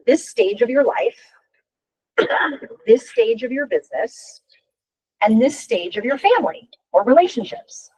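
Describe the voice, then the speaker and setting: A woman's voice: on the high side, breathy edge, muffled recording. A woman in her fifties coaching a workshop, talking frankly and chattily and often tossing in a rhetorical "right?". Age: 50s. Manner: frank and animated. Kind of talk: workshop talk.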